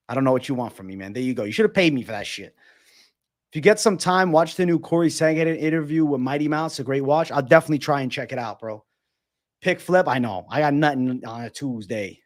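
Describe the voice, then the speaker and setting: A man's voice: mid-range voice, lively intonation, quick pace. A man hosting a casual fight-sports livestream, reading out chat questions and answering with frequent swearing. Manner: profane, casual, reads chat questions aloud. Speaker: MMA livestream host.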